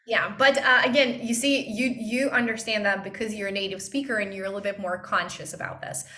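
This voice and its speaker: Interviewgast: junge Russin, Akzenttrainerin, helle, klare Stimme, überlegt mit vielen Füllwörtern. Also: female voice, mid-range voice, steady tone, a little fast, sharp tone. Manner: thoughtful, many fillers and restarts. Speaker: accent coach, guest. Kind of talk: casual interview conversation.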